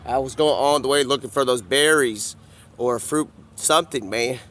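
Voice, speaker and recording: A man's voice: medium pitch, moderate pace, a bit bright. A man doing an improvised comedy skit outdoors, rambling and drawling, filling nearly every sentence with "man" and "bro". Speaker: comedic vlogger.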